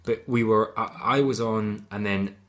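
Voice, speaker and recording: Low-voiced young man. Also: steady tone, measured pace, fairly bright tone. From Scotland. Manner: rambling anecdotal storytelling. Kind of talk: casual chat.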